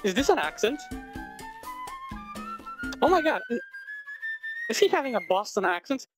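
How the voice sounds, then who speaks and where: A man's voice: very high-pitched, sing-song, normal speed, rough recording. A man playing a visual novel, reading it aloud with chatty, wry asides. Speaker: video game let's player. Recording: background game music.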